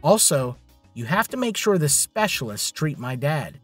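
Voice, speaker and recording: A man voicing an angry, proud young woman heiress with sharp, indignant retorts. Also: fairly high pitch, sing-song, normal speed, husky, no echo, soft background music, heavily acted. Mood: firm.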